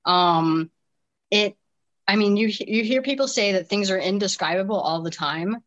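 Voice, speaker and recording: An American deaf soccer player in her forties chats in a casual interview, telling stories animatedly, often restarting her sentences and laughing. Her voice sits at medium pitch and normal speed, recorded with lo-fi sound.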